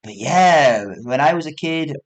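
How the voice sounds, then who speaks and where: A man's voice: fairly high pitch, animated, a little slow. A man from England with an English accent, hosting a chatty English lesson podcast, rambling, correcting himself and laughing often. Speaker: English teacher podcast host. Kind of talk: casual spoken English lesson.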